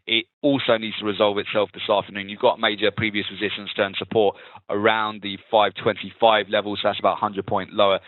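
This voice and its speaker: A man hosting a live trading webinar, calmly talking viewers through market charts. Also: fairly low pitch, a little fast, dry recording. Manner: steady, explanatory, talks through charts. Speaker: webinar host and trading analyst. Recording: tinny phone-like webinar audio.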